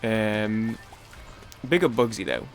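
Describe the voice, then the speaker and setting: This gaming YouTuber from Manchester, England, has a lowish, creaky, sing-song voice and speaks slowly over soft background music. Playing a game, the young man chats in a loose, rambling way, swearing, interrupting himself, and abandoning stories midway.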